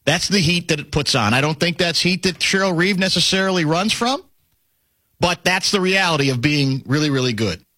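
A middle-aged man hosts a sports talk show with a high, bright, ringing voice. His delivery is animated and swoops up and down as he tells stories and needles his co-host. The sound is dry and close. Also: brisk, no room sound. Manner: chatty, teasing, animated storytelling.

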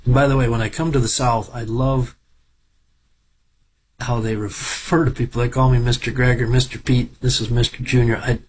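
A middle-aged man from Minnesota talks through farm auction results in a relaxed, folksy way. His voice is a little husky and sits at an ordinary pitch for a man. He keeps drifting into friendly asides. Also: moderate pace, poor audio. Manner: folksy, digressive, with fillers. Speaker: farm equipment auction reporter. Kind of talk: casual spoken report.

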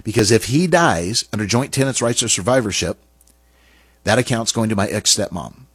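A middle-aged man telling a personal story in an earnest, halting way, with restarts and pauses. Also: fairly low pitch, animated, slightly rough, dry recording. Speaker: speaker sharing a personal story.

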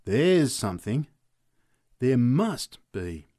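A man reading aloud, voicing an excitable drunk man who shouts and marvels. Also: medium pitch, slow pace. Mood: fearful. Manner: excitable, slurred exclamations.

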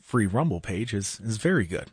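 A man's voice: on the low side, very animated, moderate pace, breathy edge, no room sound, clean studio sound. A man hosting a talk radio show, bantering sarcastically and rambling through restarts.

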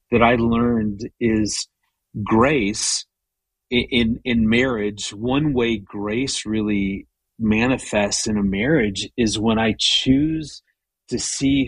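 A man's voice: medium pitch, slightly rough, dry recording, poor audio. A man in his fifties, a guest on an interview show, telling stories about his marriage in a conversational way and often repeating words as he goes. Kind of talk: conversational storytelling.

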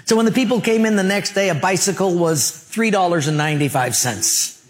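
A male pastor preaching a sermon with humorous stories, emphatic pauses and rhetorical questions. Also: high-pitched.

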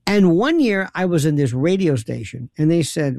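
Woman, storyteller, animated and laughing, dry booth sound. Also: deep voice, normal speed, vocal fry, few pauses, no echo. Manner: animated, laughing, dramatic quoted voices. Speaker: radio host guest. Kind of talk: casual storytelling chat.

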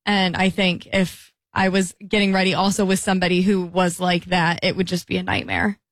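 A woman's voice: on the low side, little pitch movement, brisk, dry recording. A young woman co-hosting a casual podcast, chatty and laughing at her own habits. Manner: chatty, self-aware, laughs at herself. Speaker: co-host.

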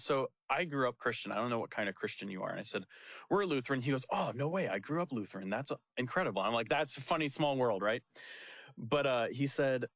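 A man's voice: mid-range voice, no room sound. A young man, a pastor, telling a story in casual chat and acting out the quotes with laughs. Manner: animated, laughing storyteller who acts out quotes.

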